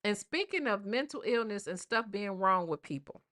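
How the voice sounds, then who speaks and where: A woman hosting a casual commentary show, sassy and animated, talking straight to her viewers. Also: medium pitch, moderate pace. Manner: sassy, animated, addresses chat directly.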